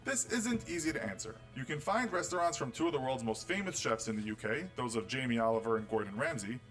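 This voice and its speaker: A man's voice: mid-range voice, animated, quick pace, fairly bright tone, faint music behind, rough recording. A man reading scripted documentary narration, with a wry, teasing delivery of facts. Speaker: video narrator.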